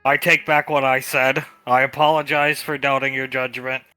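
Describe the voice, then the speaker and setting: A man's voice: mid-range voice, little pitch movement, moderate pace, natural voice. A man doing a brash, swearing film director. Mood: rowdy. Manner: loud, swearing, theatrical praise.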